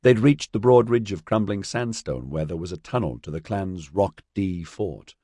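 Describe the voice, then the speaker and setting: A man narrating a novel as an audiobook in a measured, scripted reading. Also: sits low, lively intonation, dark tone, no room sound, studio quality.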